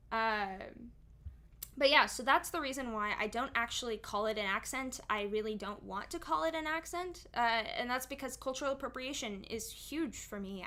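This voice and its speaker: A woman's voice: a little high, pushed and bright. A young woman, a singer and streamer, chatting casually on stream and explaining at length with many asides.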